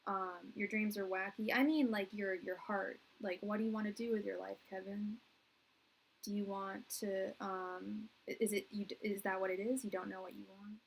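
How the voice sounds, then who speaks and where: A woman's voice: medium pitch, steady tone, normal speed, creaky, low-quality recording. This is a woman in her thirties doing a live tarot reading in a rambling, earnest way. She restarts her sentences and fills them with "like" while she talks to viewers. A faint background noise sits under her voice. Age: 30s. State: tearing up. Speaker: tarot reader.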